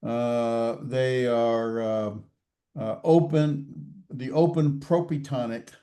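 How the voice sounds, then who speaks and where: A man teaching a grammar class, quizzing students and talking haltingly with many fillers and restarts. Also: mid-range voice, fairly even intonation, mellow. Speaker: Hebrew grammar instructor. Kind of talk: classroom lecture with student questions. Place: classroom or online class session.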